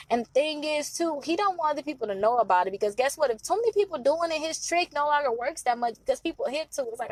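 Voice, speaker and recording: Chatty woman from Milwaukee, credit advisor talking to camera, higher pitch, dry close sound. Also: lively intonation, quick pace, no room sound, poor audio. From Milwaukee, Wisconsin. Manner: chatty, laughs often, acts out clients' voices. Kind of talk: casual to-camera advice talk.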